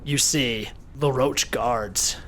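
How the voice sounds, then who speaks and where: A man's voice: medium pitch, very slow, a bit bright, slight background noise. A man narrating as game master of a tabletop game, rambling and repeating words as he thinks.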